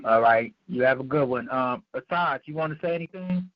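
A man co-hosting a talk radio show, signing off in a halting way with many fillers. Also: medium pitch, no room sound. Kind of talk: casual sign-off. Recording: dry, dull lo-fi line.

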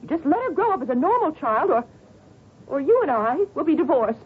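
A woman's voice: high voice, very animated, a little fast, phone-quality sound. An actress playing a firm, protective mother who speaks in a clipped, cutting way in a 1970s radio drama. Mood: stern.

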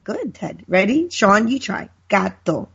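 A woman's voice: medium pitch, moderate pace, slightly rough. A woman guest on a podcast, chatting and telling stories casually. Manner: chatty, warm storyteller. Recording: muffled lo-fi call.

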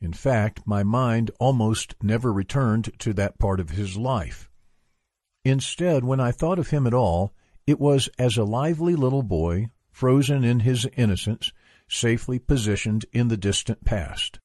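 A man reading a memoir aloud for a book club, at a measured, even pace. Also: medium pitch, no room sound, clean studio sound.

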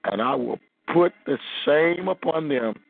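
A man's voice: on the high side, animated, measured pace, gravelly, slightly rough, faint music behind. A man preaching as a minister, reading and expounding scripture over a phone line.

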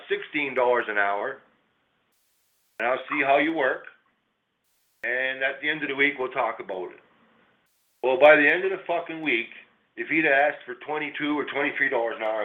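A man's voice: mid-range voice, normal speed, pauses often. A middle-aged man, a small business owner, telling a long rambling story in casual chat, swearing freely. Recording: tinny phone-like line, faint hiss.

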